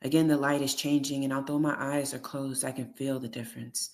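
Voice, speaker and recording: Audiobook reader, memoir reading, steady, measured, flat monotone. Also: medium pitch. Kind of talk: first-person memoir reading.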